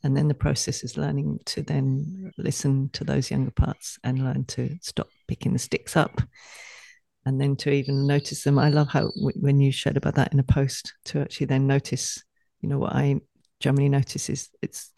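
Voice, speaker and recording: Woman on a podcast, bit of fry in her voice, dry close sound, animated, laughs a lot. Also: rumbling low, moderate pace, no echo. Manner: animated, laughs while acting out inner voices. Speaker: podcast guest, mentor. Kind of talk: casual podcast conversation.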